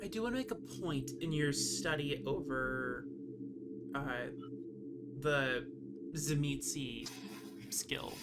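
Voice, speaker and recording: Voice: medium pitch, expressive, takes it slowly, long pauses, heavy background noise. A game master narrating a tabletop game in an explanatory, theatrical way. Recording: loud background music.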